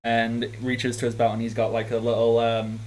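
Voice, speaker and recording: A man's voice: mid-range voice, completely flat delivery, moderate pace, noisy background. A man narrating a tabletop game as game master, easygoing and descriptive.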